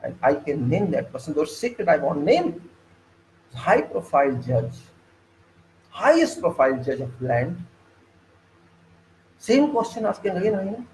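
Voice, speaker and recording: A man's voice: very animated, unhurried, long pauses, a little mellow, slight background noise. Indignant Indian-accented man lecturing. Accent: Indian English. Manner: emphatic, indignant, swings sharply up in pitch. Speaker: engineering consultant lecturing. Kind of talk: informal lecture. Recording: echoey room.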